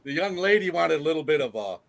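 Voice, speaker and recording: A man playing a bawdy male priest hearing confession in a mock-pious, booming comedic bit. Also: sing-song, fast, creaky. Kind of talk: comedic character bit on a video call.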